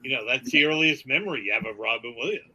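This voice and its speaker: A man's voice: mid-range voice, animated, quick pace, pushed and bright, husky, poor audio. A man co-hosting a podcast, chatting loosely with lots of fillers. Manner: loose, filler-heavy chat. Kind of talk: casual podcast chat.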